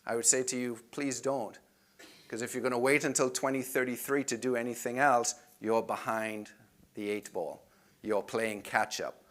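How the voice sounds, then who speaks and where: A man's voice: mid-range voice, steady tone, normal speed, fairly bright tone. Guy walking club members through the finances, chatty, keeps saying "if you will". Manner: conversational, frequent "if you will".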